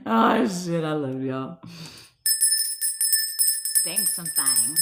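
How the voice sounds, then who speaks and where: A woman's voice: on the low side, sing-song, drawn-out words, pauses often, over loud music. A young woman chatting casually with her viewers, playful, swearing freely and laughing often. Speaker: vlogger reading cards and chatting with viewers. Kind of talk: casual chat.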